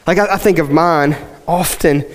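A man's voice: fairly high pitch, normal speed. A man preaching in a church sanctuary. He talks to the congregation like he's chatting, then builds into ringing repeated phrases. The sound carries a long hall reverb. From West Virginia. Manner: conversational preaching that builds to impassioned, repetitive emphasis. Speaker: pastor. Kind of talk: sermon.

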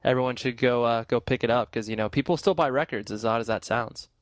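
A man hosting a casual podcast, relaxed and joking as he wraps up an interview. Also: mid-range voice, quick pace. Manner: relaxed, joking, loose wrap-up. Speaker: podcast host.

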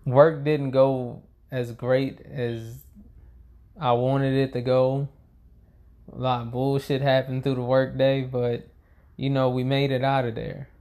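A man's voice: mid-range voice, gravelly, a little mellow. A tired young man who hasn't slept, rambling to camera in a casual vlog, swearing freely as he vents about his day. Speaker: vlogger.

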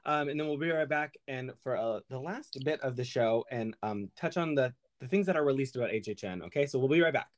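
A man's voice: mid-range voice, a little fast, hardly any pauses. A man hosting a podcast, chatting casually and playfully, giggling often. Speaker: podcast host.

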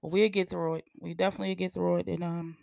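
Woman, blunt profane rant, animated, dry close sound. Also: fairly low pitch, fast talker, creaky, no echo. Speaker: podcast host. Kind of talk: casual opinion rant.

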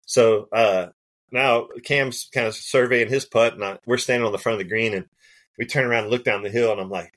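Animated man telling golf stories. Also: mid-range voice, fairly quick. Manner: animated, laughs often, acts out quoted voices. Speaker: golf caddie and podcast guest. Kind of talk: casual storytelling.

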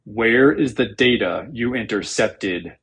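A man voicing a menacing armored dark lord who growls out slow, low threats in a husky voice. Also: exaggerated voice.

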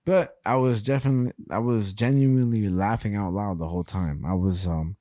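A man co-hosting a podcast, chatting casually and telling stories in a loose, profane, animated way. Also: fairly low pitch, normal speed, no room sound. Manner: animated, profane storytelling with frequent laughs. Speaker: podcast co-host. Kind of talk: casual chat.

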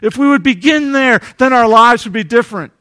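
High-voiced, earnest male preacher. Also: fairly quick, no room sound, clean studio sound. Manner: earnest, swings from lively to hushed and tender. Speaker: pastor. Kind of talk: sermon.

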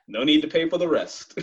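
A man's voice: fairly high pitch, a bit bright, slight background noise. Rambling male podcast host, lo-fi. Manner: rambling, laughs through stories. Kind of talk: casual chat.

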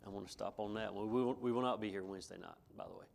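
A man's voice: fairly low pitch, very fast, creaky. Folksy man preaching. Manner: folksy, repeats himself, chuckles between points. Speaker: pastor. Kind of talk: sermon.

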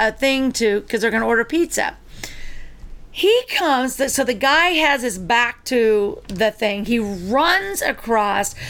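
A middle-aged woman with a high voice tells a story in casual conversation. She is animated and restarts her sentences often as she goes. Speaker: podcast co-host. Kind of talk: casual chat.

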